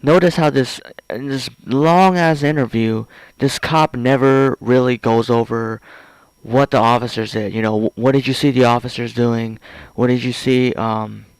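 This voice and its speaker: A man's voice: medium pitch, steady tone, moderate pace, smooth, dry recording. A man giving blunt, sarcastic commentary over a video, swearing freely. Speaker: reaction video host.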